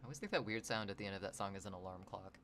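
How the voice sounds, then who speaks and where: Sketching on a casual livestream, this man rambles, cracks jokes and talks to his chat. His fairly low voice is a bit bright and he races along, with a little hiss or hum audible.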